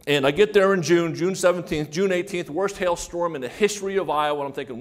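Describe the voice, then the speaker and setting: Speaking fast in a slightly high voice, an older man delivers a motivational sales speech to an audience. He's an animated storyteller who voices the people he quotes and peppers the crowd with rhetorical questions.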